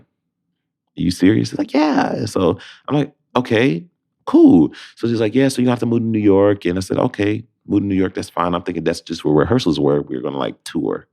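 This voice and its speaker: A young adult man from Detroit, a Broadway actor with a deep bass voice, telling a lively story as a guest and acting out both sides of the phone calls he describes. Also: creaky. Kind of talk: animated storytelling in conversation.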